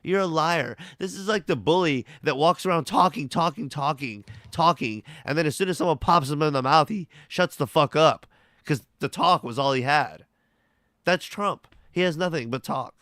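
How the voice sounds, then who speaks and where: A man's voice: a little high, moderate pace, a bit bright, no echo. Blunt, foul-mouthed man ranting about politics. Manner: blunt and mocking, swears freely. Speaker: host commenting on news clips. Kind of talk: profane, heated political commentary.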